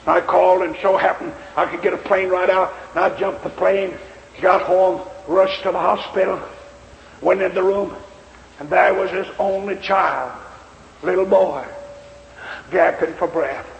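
Gravelly, high-pitched preacher man. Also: steady tone, measured pace, muffled recording. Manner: folksy, emphatic storytelling. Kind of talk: sermon storytelling. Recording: echoey hall, faint noise.

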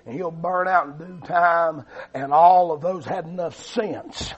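A man preaching a fiery revival sermon, swinging between loud shouting and low, quiet delivery. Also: unhurried, breathy edge. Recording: dull lo-fi recording.

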